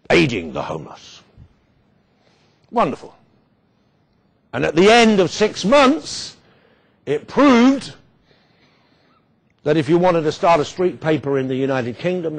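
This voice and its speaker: A man giving a storytelling speech with wry humour and dramatic pauses. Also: fairly high pitch, darkish tone, breathy edge. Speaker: guest speaker.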